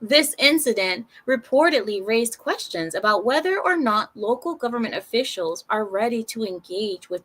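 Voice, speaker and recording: A woman of Arab heritage giving casual news commentary, sarcastic and animated, with rambling restarts. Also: fairly high pitch, moderate pace, hardly any pauses. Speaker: commentary channel host.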